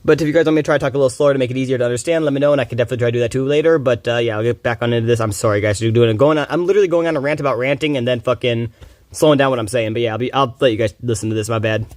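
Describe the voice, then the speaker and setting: Fast-talking, profane male streamer. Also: medium pitch, steady tone, darkish tone, dry recording. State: groggy from little sleep. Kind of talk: casual rambling commentary.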